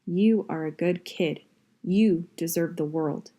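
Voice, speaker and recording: A woman's voice: fairly low pitch, takes it slowly, warm tone. A woman reading the lines of an earnest, intense middle-aged male schoolteacher in a book reading.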